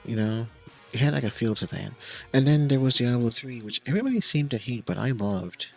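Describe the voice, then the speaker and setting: A man's voice: mid-range voice, lively intonation, brisk, vocal fry, faint music behind. A young man streaming a game, rambling in a casual, profane, jokey way. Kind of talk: casual live-stream chat while gaming.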